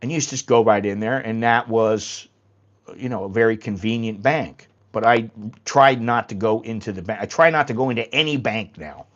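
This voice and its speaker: A man's voice: on the low side, normal speed, lo-fi sound. Blunt, rambling man on a livestream. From United States. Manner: rambling, blunt storytelling with casual swearing. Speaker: livestream host. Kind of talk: casual livestream chat.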